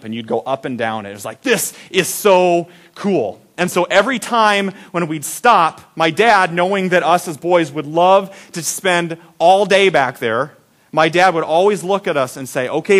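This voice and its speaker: A man preaching a sermon, telling a childhood story with acted-out voices and big swings between loud and soft. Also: on the high side, normal speed. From Iowa. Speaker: pastor.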